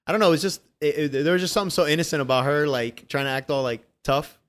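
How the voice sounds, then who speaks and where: A man chatting casually about a movie, rambling and animated, swearing freely. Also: fairly high pitch, quick pace.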